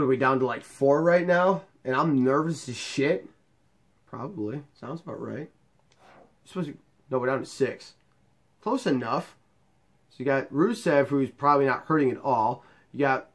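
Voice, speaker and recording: Young man, gamer, profane, sarcastic, heckling the game. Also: medium pitch. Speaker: gaming YouTuber. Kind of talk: profane let's-play commentary.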